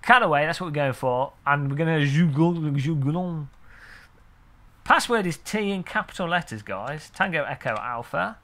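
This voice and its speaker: A man's voice: fairly high pitch, lively intonation, moderate pace, sharp tone. A man streaming a racing game, chatting and joking with his viewers while he sets up a server. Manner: chatty, jokey, talks to chat while setting up. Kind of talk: casual live-stream chat.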